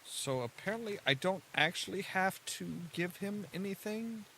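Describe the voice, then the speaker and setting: A man's voice: high-pitched, lively intonation, moderate pace, bright, forceful tone, slight background noise. A man casually commenting on his own gameplay, thinking aloud, trailing off and restarting as he goes. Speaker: gameplay streamer. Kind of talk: casual let's-play commentary. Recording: faint game music behind.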